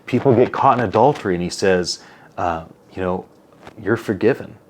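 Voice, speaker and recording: A man in his forties with a notably low voice speaks as an interview guest. He tells stories animatedly, acting out quoted lines and dropping casual tags as he goes. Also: brisk. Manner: animated storyteller, acts out quotes, many "like" and "right?" tags. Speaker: interview guest, company CEO.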